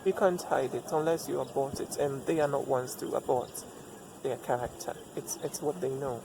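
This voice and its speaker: A man talks through relationship advice in a thoughtful, personal monologue at a mid-range pitch. He leans on repetition and rhetorical questions to drive his points home, while a steady hiss of background noise runs under his voice. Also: normal speed, creaky. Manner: reflective, repeats lines for emphasis, asks rhetorical questions. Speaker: vlogger giving relationship advice.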